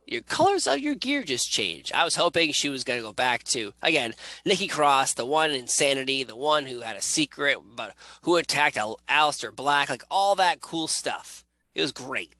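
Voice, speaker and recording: A man hosting a casual comedic wrestling reaction show, animated and jokey, laughing often as he talks close to the mic. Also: medium pitch, dry recording, low-quality recording.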